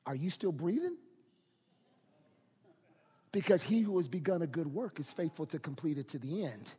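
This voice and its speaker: A pastor preaching a sermon, moving from quiet talk to shouted, rising preaching. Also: male voice, on the high side, big pitch swings, normal speed, slightly rough, long reverb tail.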